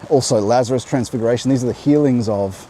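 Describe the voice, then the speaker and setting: A vlogger with a General Australian accent talks to viewers at a quick pace in a mellow, medium-pitched voice. Walking near a road in the rain with an umbrella, he muses aloud, rambling and reflective as he navigates. His handheld camera picks up slight background noise.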